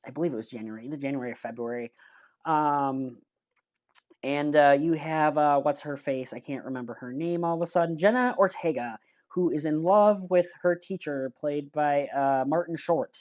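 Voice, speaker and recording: Low-voiced woman, casual movie reviewer, blunt and rambling, slightly dull lo-fi sound. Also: moderate pace, darkish tone. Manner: blunt and rambling, sighs, gropes for names.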